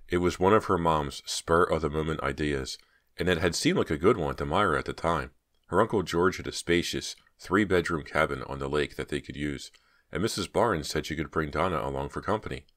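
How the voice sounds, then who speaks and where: Very deep-voiced male audiobook narrator. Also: fairly quick, a bit bright.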